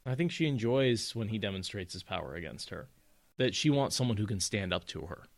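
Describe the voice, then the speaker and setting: A man's voice: lowish voice, lively intonation, brisk, creaky, no room sound. A man co-hosting a podcast, talking through a fantasy novel in casual chat and mocking the characters in put-on voices. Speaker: podcast co-host. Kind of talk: casual book discussion.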